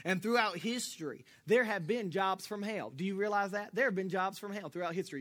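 A male pastor preaching with a high, bright voice, animated and playful. He swings from loud bursts into quiet, mumbled asides, joking with his congregation as he goes. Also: a little fast. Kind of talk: sermon.

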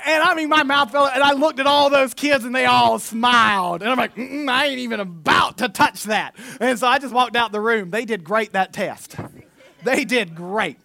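A preacher giving an animated sermon, telling stories with humor and sometimes slipping into mock voices. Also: medium pitch, normal speed, vocal fry, no room sound.

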